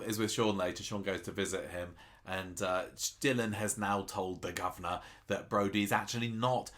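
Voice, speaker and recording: A man's voice: deep voice, a bit bright. A man co-hosting a casual chat podcast, talking hesitantly with lots of ums and some dry humour. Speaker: podcast co-host.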